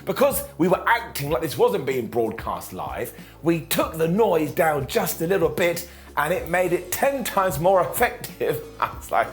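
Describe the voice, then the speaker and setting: A man's voice: high voice, big pitch swings, normal speed, fairly bright tone, faint music behind. A man reviewing a wrestling show in a joking, sarcastic way, often quoting people in mock voices. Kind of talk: animated wrestling recap.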